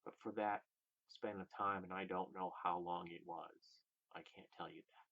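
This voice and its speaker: A very deep, husky male voice recounting a personal story in a vlog. He swings between loud, emphatic bursts and hushed, breathy whispers. The recording sounds dull and lo-fi. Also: fairly even intonation, moderate pace. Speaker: vlogger.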